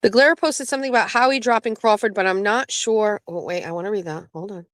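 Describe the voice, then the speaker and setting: A woman's voice: medium pitch, fast, dry recording. Woman livestream host, casual and blunt, swears freely, dry close sound. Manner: blunt, profane, talks back to chat. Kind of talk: casual live-stream chat with viewers.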